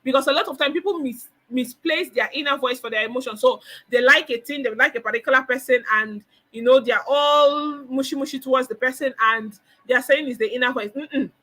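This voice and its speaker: High bright woman giving counsel. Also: brisk, few pauses. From Nigeria. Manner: emphatic, repeats phrases, acts out inner voices. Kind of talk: motivational talk.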